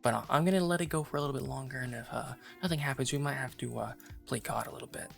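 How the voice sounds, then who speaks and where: A man with a gravelly, fry-tinged voice talks through a sandbox game as it unfolds, rambling and amused. His pitch sits at an ordinary middle height, and soft game music plays quietly behind him. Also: steady tone, racing. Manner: rambling, amused play-by-play with many fillers. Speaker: gaming channel host. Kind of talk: casual gameplay commentary.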